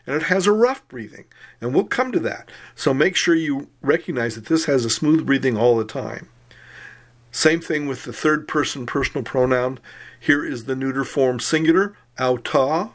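A man teaching a recorded Greek grammar lesson, methodically reciting and explaining word forms. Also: medium pitch.

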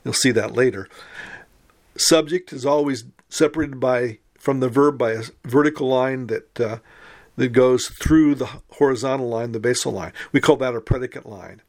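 A man of middle pitch gives a recorded grammar lecture in a patient, methodical way. He reads example words slowly and now and then stops to correct himself. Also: darkish tone. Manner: patient, methodical explaining, slow careful reading of Greek words; occasional restarts and self-corrections. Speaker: Greek teacher.

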